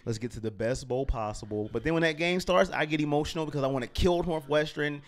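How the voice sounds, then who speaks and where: Excitable higher-voiced fan rambling. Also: male voice, quick pace. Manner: openly emotional, rambling and excitable. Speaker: co-host and fan. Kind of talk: casual fan chat.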